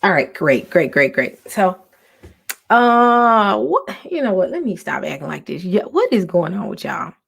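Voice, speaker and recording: A woman hosting a casual livestream from home, talking softly with many ums and restarts. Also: medium pitch, very animated, measured pace, vocal fry, slightly rough. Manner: soft, half-whispered talk with many ums and restarts. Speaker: livestream host.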